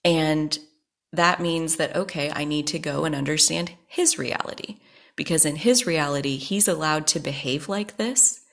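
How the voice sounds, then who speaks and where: A woman hosts a podcast, delivering a frank, lengthy personal monologue about her life in a low-pitched, somewhat bright voice at a moderate pace. When angry, she swears freely.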